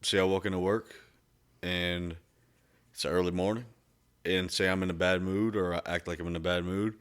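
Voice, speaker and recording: A man's voice: deep voice, level tone, normal speed, smooth. A man co-hosting a podcast, bantering in a crude, upbeat, joking way. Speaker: podcast co-host. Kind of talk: casual chat.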